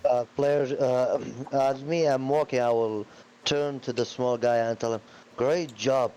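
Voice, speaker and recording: A man's voice: medium pitch, steady tone, measured pace, dark tone, clean tone, rough recording. A man playing a tabletop game, hesitantly planning his moves aloud with "like" and "uh". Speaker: player. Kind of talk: casual tabletop play.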